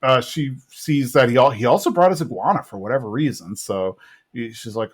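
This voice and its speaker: A man co-hosting a podcast, his voice sitting at a middling pitch. He walks through a cartoon episode in a loose, rambling way, quoting the characters' lines as he goes. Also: moderate pace. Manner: rambling plot retelling with quoted character lines. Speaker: podcast co-host. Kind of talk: casual recap chat.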